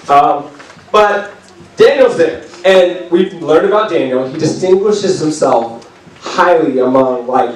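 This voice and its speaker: A man giving a casual youth sermon to junior high students, talking in a loose, playful storytelling way full of "like" and quick asides. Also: darkish tone, slight background noise. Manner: chatty, filler-heavy, playful storytelling. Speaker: youth pastor. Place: youth group meeting room. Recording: echoey room from far off.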